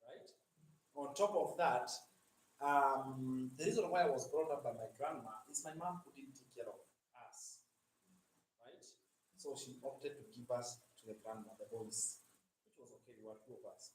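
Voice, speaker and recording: A man's voice: medium pitch, measured pace, a little hiss or hum. A man gives a motivational live talk as a digital marketing coach, often asking the audience for agreement. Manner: preachy, asks audience for agreement. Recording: echoey room, distant mic.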